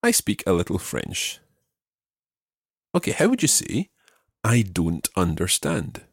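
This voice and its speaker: A man teaching a podcast language lesson, patiently repeating each phrase slowly for learners. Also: low-pitched, wildly swooping pitch, husky, no echo, studio quality.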